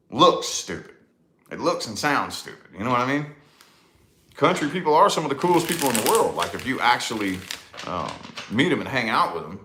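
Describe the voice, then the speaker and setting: A man's voice: medium pitch, pushed and bright. A man with a Tennessee accent chatting casually, rambling and repeating himself with lots of "you know what I mean.". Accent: Southern US, Tennessee. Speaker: vlog host, musician. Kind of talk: casual chat. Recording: roomy echo.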